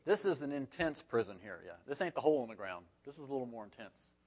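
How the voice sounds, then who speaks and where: A man's voice: mid-range voice, big pitch swings, fast, darkish tone, dull audio. Folksy man teaching a Bible class. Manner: folksy, conversational, adds asides. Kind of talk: reading scripture aloud and explaining it to a class.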